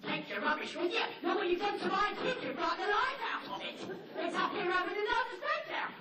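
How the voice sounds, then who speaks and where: A frantic, fiercely protective pet dog, put on by a woman speaker, yelps its alarm in a high, strained voice. The sound comes from far off in a very echoey hall, with a faint hiss behind it. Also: lively intonation, brisk, over a noisy crowd. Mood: indignant. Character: anxious protective pet dog guarding its family.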